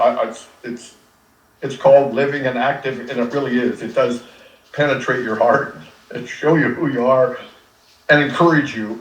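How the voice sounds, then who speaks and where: An older man who is a radio personality, telling stories in an animated, emotional, earnest way during an interview. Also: mid-range voice, dull audio. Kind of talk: conversational interview, storytelling. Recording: echoey room, distant from mic.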